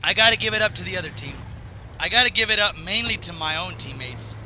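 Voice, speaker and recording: A man with a high, very bright voice that has gone raw and strained talks through a video game. He rambles and jokes, jumping between excitement and low muttering. A faint hiss sits under the recording. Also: quick pace, poor audio. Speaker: gaming commentator. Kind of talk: casual gameplay commentary.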